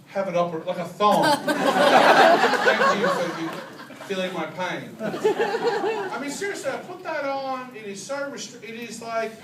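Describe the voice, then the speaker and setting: A man performing a stand-up comedy set, telling stories with animated delivery and yelled punchlines. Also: high voice, heavy background noise. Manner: animated storytelling, yelling punchlines. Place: live comedy venue with audience. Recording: roomy live club recording from far off.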